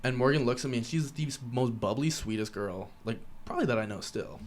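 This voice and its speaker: A young man hosting a podcast, telling a vivid story in a casual, animated way and acting out quoted lines. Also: medium pitch, fast, a little hiss or hum. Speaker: podcast host.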